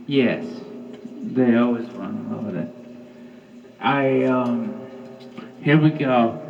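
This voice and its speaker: Man rambling through a slow, profane stand-up set. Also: mid-range voice, vocal fry, distant mic, phone-quality sound. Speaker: stand-up comedian.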